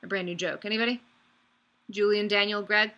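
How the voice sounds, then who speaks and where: A woman's voice: medium pitch, steady tone, a little fast, pushed and bright, dull audio. A young woman teaching a live online class in an upbeat, chatty way, calling on students by name. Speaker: online course instructor.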